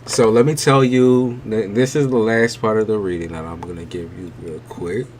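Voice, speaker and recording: A man's voice: fairly low pitch, steady tone, moderate pace, noisy background. Blunt, profane male tarot reader. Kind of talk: live-stream tarot reading.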